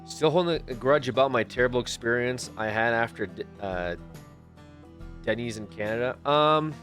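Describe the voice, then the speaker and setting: A man's voice: medium pitch, normal speed, a bit bright, faint music behind. A man livestreaming a game, talking loosely and jokingly to his chat, swearing and calling them dude. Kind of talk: casual gameplay stream chat.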